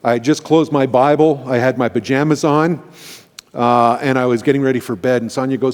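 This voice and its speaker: Animated pastor in a reverberant church. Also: male voice, mid-range voice, fairly quick. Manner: animated, candid storytelling with self-deprecating asides. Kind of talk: storytelling sermon. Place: church sanctuary.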